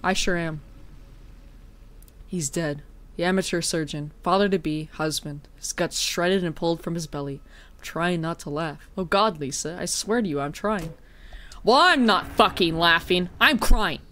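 A woman's voice: fairly low pitch, moderate pace, slight background noise. A woman streaming a horror game in casual chat, jokey and swearing, breaking into mock-dramatic wailing.

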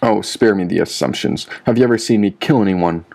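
A man reading the part of a cold, persuasive masked villain who lectures calmly in an audiobook. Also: fairly low pitch, brisk. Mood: smooth, lecturing. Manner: calm, smooth, lecturing. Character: cold persuasive male villain in a golden mask.

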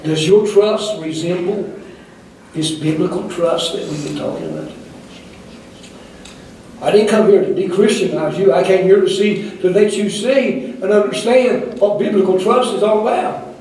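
A man's voice: high voice, moderate pace, a little mellow, a little hiss or hum. An older male pastor preaching a sermon in a church, with rhythmic, fiery delivery and repeated calls to the congregation. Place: church sanctuary. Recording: echoey distant room recording.

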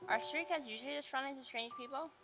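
Casting: woman reading a visual novel aloud, expressive, loud game music behind. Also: high voice, fast. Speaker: game player reading the heroine.

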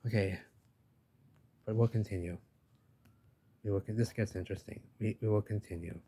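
A man's voice: fairly low pitch, steady tone, normal speed, mellow, husky. A man narrating over pictures in a rambling way, often tacking on "baby" and "give me a break," and he says he is losing his voice. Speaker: video host.

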